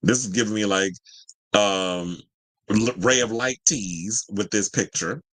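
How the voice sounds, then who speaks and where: A man talks through the celebrity news in a loose, sassy way, throwing out chatty asides to his audience. His voice sits on the low side. The sound is dry and close, with no room around it. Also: takes it slowly, a bit bright, dry recording, poor audio. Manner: sassy and chatty, says "child" and "y'all". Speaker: host. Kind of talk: casual celebrity gossip commentary.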